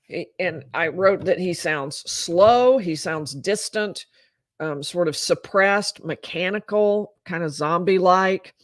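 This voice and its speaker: A woman's voice: fairly low pitch, takes it slowly, no room sound, clean studio sound. A woman host giving live legal commentary. She reads from her notes and comments on them thoughtfully, correcting herself now and then. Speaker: lawyer and show host.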